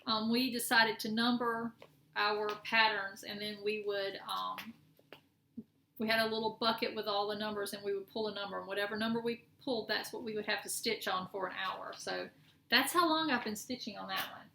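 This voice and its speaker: A woman's voice: medium pitch, fairly even intonation, normal speed, vocal fry, bright, forceful tone. A middle-aged woman chatting casually in a cross-stitch vlog, rambling and correcting herself as she shows her projects. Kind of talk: casual show-and-tell chat. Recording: echoey room with faint noise.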